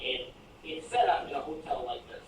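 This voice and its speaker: A man teaching a real estate class, telling stories with energetic, emphatic delivery and loud exclamations. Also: mid-range voice, fairly quick. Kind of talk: animated classroom lecture with stories. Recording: echoey video played in a room, from far off.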